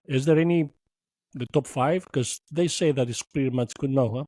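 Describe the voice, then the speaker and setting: A man hosting an interview, asking questions hesitantly with soft murmurs of agreement. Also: medium pitch, normal speed, no room sound. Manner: hesitant, lots of fillers and soft listening murmurs. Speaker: podcast host.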